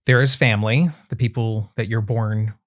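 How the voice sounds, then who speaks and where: Man in his 40s hosting a podcast, earnest, kinda emotional, gentle questions. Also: on the low side, fairly even intonation, moderate pace. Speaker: podcast host interviewing his husband. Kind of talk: heartfelt podcast conversation.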